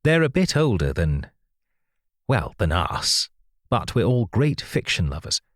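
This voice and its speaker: A man's voice: on the low side, sing-song, unhurried, no echo, studio quality. A man doing an outgoing, chatty husband. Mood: enthusiastic. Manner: enthusiastic, chatty. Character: warm, outgoing young husband.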